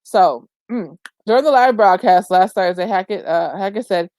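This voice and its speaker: A woman's voice: medium pitch, moderate pace, no room sound. Emphatic, outspoken woman vlogger. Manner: emphatic, animated, exclamatory; colloquial, says "child" and "girl" often. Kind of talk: opinionated commentary vlog.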